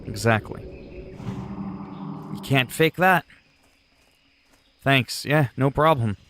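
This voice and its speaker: A man's voice: mid-range voice, takes it slowly, fairly bright tone, no echo. Blunt man streaming. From Canada. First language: French. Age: 40s. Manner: blunt, profane, joking. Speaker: livestreaming gamer. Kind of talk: casual livestream chat.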